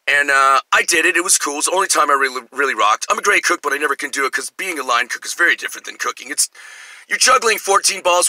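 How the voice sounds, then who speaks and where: Bright-voiced rambling middle-aged man. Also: a little high, dry recording, rough recording. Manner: animated, jumps between tangents, acts out quotes. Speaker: vlogger. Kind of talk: rambling personal storytelling monologue.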